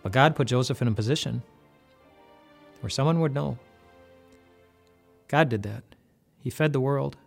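A man's voice: mid-range voice, moderate pace, vocal fry, pauses often. A man giving a casual devotional Bible talk as host. He speaks conversationally and often restarts and repeats words. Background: faint music.

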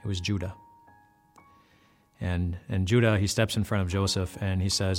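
A man's voice: low-pitched, fairly even intonation, normal speed, pauses often, faint music behind. A man giving an earnest devotional retelling of a Bible story, often repeating words as he goes.

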